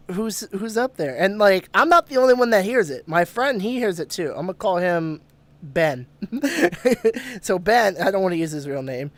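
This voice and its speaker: A podcast host with a high-pitched voice tells a ghost story in casual conversation, swearing heavily, rambling, laughing and restarting his sentences. The recording has no room sound.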